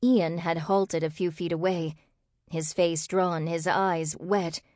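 A woman reading an audiobook in steady, expressive narration. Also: on the low side, slow, no room sound, clean studio sound. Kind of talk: scripted narration.

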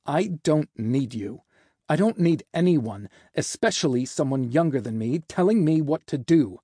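A man's voice: mid-range voice, moderate pace, mellow, husky, no room sound, clean studio sound, lightly acted. A man reading a story and voicing a proud, irritable wounded male angel who snaps defensively. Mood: defiant. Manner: defensive, snapping. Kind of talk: audiobook character voice.

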